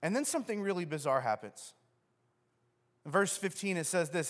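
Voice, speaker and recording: Male pastor, sermon, lively storyteller acting out scenes, long church-hall reverb. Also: high-pitched, normal speed, long pauses. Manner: animated storyteller who acts out scenes.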